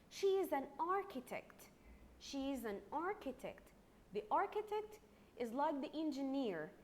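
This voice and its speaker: A woman's voice: fairly high pitch, a little hiss or hum. A young woman with an Egyptian accent teaching a primary English lesson, patient and repetitive, stretching words out to clap their syllables. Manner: slow and patient, repeats words, claps out syllables. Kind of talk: recorded online English lesson.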